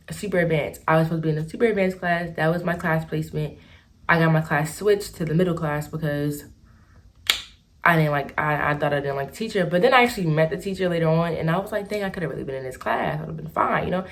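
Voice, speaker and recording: A young adult woman chatting casually through a storytime vlog, rambling and animated with lots of "like" and "y'all.". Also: lowish voice. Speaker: vlogger. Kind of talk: casual storytime while doing makeup.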